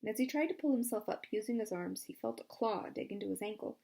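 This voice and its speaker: A woman's voice: quick pace, vocal fry. A woman reading a novel aloud as an audiobook, giving each character a voice of her own. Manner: shifts pitch and loudness for each character. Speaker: audiobook reader. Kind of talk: storybook narration with character voices.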